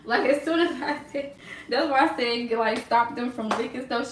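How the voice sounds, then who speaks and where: A young woman, chatting on a live stream from her kitchen at home. She talks in an animated, loose way, with plenty of fillers and quick asides, over a faint hum of room ambience. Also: on the high side, rough recording. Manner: chatty and animated, lots of "like" fillers, laughs often. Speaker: livestream host. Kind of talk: casual live-stream chat.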